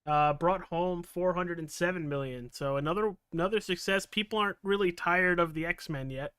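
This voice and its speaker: A man's voice: sits high, normal speed, fairly bright tone, clear, resonant tone, no echo, clean studio sound. A man hosting a casual podcast, joking around, with loose fillers and the odd swear. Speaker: podcast host. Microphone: podcast mic over video call.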